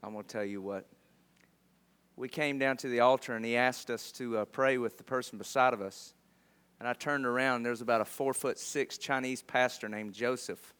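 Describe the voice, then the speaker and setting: A pastor preaching a sermon to his church, telling folksy stories and swelling loud on key words. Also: medium pitch, fairly even intonation, moderate pace, smooth, long reverb tail. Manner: folksy storytelling. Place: church sanctuary.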